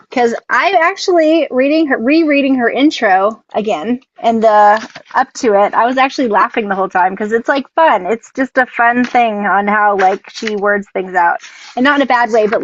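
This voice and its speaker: A woman's voice: fairly high pitch, no room sound. A woman co-hosting a casual live stream, rambling, laughing often and tripping over her words. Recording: dull, dry lo-fi sound.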